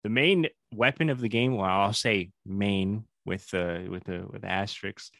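A man's voice: lowish voice, a little slow, gravelly, a bit bright, no echo, clean studio sound. A man as a podcast guest in casual chat, rambling and correcting himself as he goes. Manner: rambling, self-correcting, chuckles.

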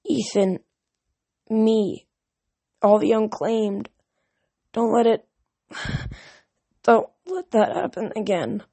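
A woman voicing a dying young man, gasping and croaking as she reads a novel aloud. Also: a little high, expressive, drawn-out words, pauses often, warm tone, voice pushed up, full character voice. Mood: pleading, weak. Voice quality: raspy, croaking.

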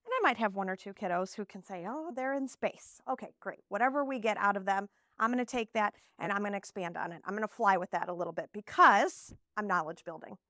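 A woman from Texas, an early childhood teacher giving an animated live conference presentation, slipping into playful classroom talk. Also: mid-range voice, quick pace, few pauses, dry recording, clean studio sound.

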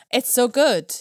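Animated chatty woman, dry close sound. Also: dry recording. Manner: animated, chatty, quick pitch jumps when excited. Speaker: podcast co-host. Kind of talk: casual chat.

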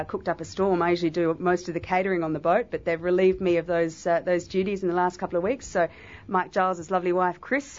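An Australian woman sailor chatting casually in a radio interview, with plenty of fillers. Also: on the low side. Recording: dull lo-fi radio broadcast.

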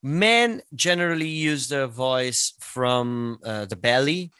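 A man with an Italian accent, a singer and voice teacher, explaining things in a casual podcast chat, pausing often with fillers. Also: mid-range voice, animated, bright, forceful tone, clean tone, no room sound. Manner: explanatory, hesitant with many fillers.

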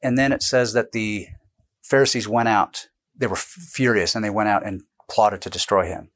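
A man being interviewed about his book, explaining at length in a casual, animated way, jumping between points and restarting sentences. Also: on the low side. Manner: animated, digressive, quick bursts with restarts. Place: indoors with a camera close by.

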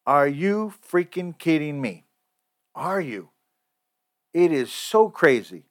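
A man's voice: fairly high pitch, very animated, takes it slowly. A man hosting a podcast, delivering a heated, profane, repetitive rant. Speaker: podcast host. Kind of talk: angry solo podcast rant.

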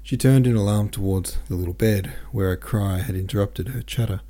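Deep, gravelly man reading a novel. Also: a little fast, warm tone. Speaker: audiobook reader. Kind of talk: novel read aloud.

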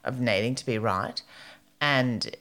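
A woman's voice: very deep voice, takes it slowly, fairly bright tone. A middle-aged Australian woman co-hosting a podcast, telling stories animatedly in casual chat and swearing freely. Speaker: podcast co-host.

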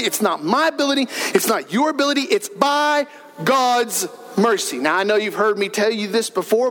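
A man pastor preaching a sermon in a church, earnest and emphatic, rising in bursts of excitement. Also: very high voice. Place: church sanctuary.

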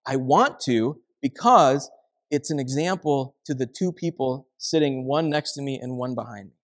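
A man's voice: mid-range voice, normal speed. A man preaching a sermon as pastor, telling everyday stories in a conversational way. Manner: conversational storytelling with acted quotes.

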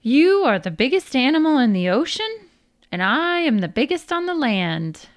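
A woman's voice: mid-range voice, big pitch swings, slow, fairly bright tone, dry recording, studio quality, exaggerated voice. A woman voicing a huge, proud, boastful male elephant in a storybook reading. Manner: boastful, pompous. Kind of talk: storybook read-aloud.

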